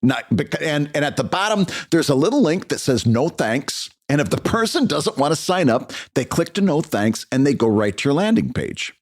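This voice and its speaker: A man's voice: moderate pace, hardly any pauses. A man co-hosting a podcast, a cartoonist casually explaining how he set up his page. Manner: conversational, explaining with lively pitch.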